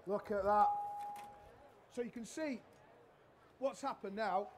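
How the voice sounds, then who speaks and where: A middle-aged man, a chef giving a live cooking demonstration on a trade show stage and joking loudly with the crowd and his helpers. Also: high-pitched, takes it slowly, heavy background noise. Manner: cheeky, loud-mouthed joker. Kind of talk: live cooking demo with banter.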